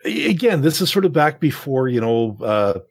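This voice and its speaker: A man co-hosts a podcast in a casual chat, telling a long, meandering story full of restarts. His voice is slightly husky and mid-pitched, and the recording is dry and close, with no room sound. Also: sing-song, normal speed, dry recording. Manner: rambling storyteller, many fillers and restarts. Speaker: podcast co-host.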